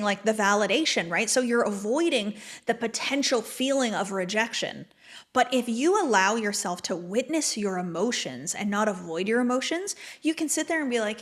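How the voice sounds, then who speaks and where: A woman's voice: a little high, moderate pace. A woman speaking candidly and reflectively as a podcast guest, in casual conversation full of "like" fillers. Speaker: podcast guest, manifestation mentor.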